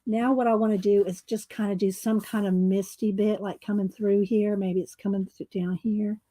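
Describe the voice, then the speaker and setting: A woman's voice: medium pitch, flat delivery, normal speed, dark tone. A middle-aged woman hosting a casual art livestream from her home craft room, chatting to viewers as she works. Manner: chatty, talks to viewers while working.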